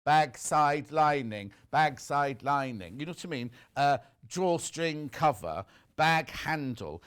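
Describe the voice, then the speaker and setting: Lively chatty man hosting a sales show. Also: on the high side, slow pace, clean tone. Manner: chatty and teasing. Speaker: shopping channel host. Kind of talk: live product presentation. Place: TV studio.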